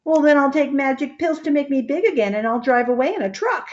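A woman's voice: high voice, expressive, brisk, darkish tone, highs cut off, voice pushed up. A woman doing a small, inventive little boy. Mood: playful. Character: timid but inventive young boy.

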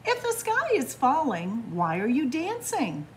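A woman's voice: high voice, wildly swooping pitch, unhurried, a little hiss or hum, voice pushed up, full character voice. A woman doing a sly, scheming fox. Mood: coaxing. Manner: sly, coaxing. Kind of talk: children's storybook reading.

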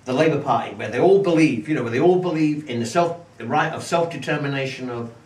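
A man co-hosting a casual political chat, rambling and ironic with many pauses. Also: mid-range voice, a little mellow. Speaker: podcast co-host. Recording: echoey room, distant mic.

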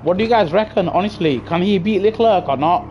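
A high, slightly fast male voice comes through a gaming headset with the highs cut off, backed by music and the roar of car engines. He's streaming a racing game, chatty and slangy, answering viewers' messages and reacting to the drive in casual conversation.

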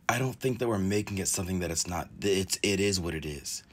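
A man hosting a reaction video, sarcastic and incredulous. His voice sits a little low and sounds bright and forceful. He talks to his viewers with open disbelief. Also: fast talker, hardly any pauses. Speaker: commentary YouTuber. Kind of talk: reaction commentary.

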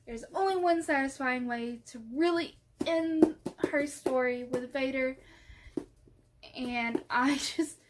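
A woman book vlogger chatting casually and gushing excitedly, often trailing off into soft asides. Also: high voice, a little hiss or hum. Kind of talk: casual chat.

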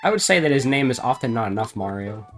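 A man reads mangled game text aloud over a live stream, deadpan and theatrical by turns. His pitch and pace sit in an everyday middle range. Faint game music plays under him. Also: fast talker. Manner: reads deadpan, breaks into laughter. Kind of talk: comedic dramatic reading of garbled game dialogue.

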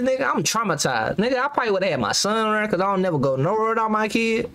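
A man's voice: sits high, sing-song, fast talker, pushed and bright. A young man giving rambling, slangy reaction commentary as a YouTuber, laughing nervously between remarks.

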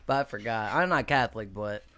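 A man's voice: on the low side, pushed and bright. A man hosting a casual podcast, talking in slang, laughing often and slipping into impressions. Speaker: podcast host. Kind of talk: casual chat.

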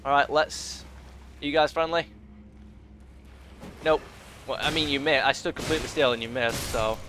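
A man's voice: fairly high pitch, moderate pace, bright, forceful tone, a little hiss or hum. A young man talking through a video game, chatting to the enemies and muttering asides. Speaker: gaming YouTuber. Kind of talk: let's play commentary.

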